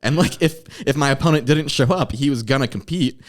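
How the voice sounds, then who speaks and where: A man's voice: mid-range voice, fairly quick. A man who coaches grappling, talking in a rambling casual way full of fillers. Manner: rambling, full of "like" and "you know". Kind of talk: casual chat.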